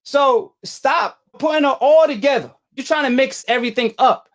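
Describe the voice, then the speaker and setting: A talk show host runs a call-in boxing debate show, combative and slangy, hammering callers with the same challenge over and over. His voice is very high-pitched at a moderate pace, and Arabic is his first language.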